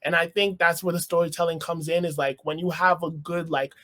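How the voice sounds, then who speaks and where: Rapper guy from canada, pretty high voice, animated, chatting in an interview. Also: fairly quick. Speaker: rapper guest. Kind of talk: casual interview talk.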